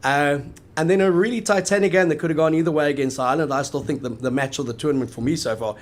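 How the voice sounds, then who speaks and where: Emphatic man, higher voice. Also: fast talker. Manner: emphatic, analytical, long flowing arguments. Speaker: podcast co-host. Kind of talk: casual sports chat.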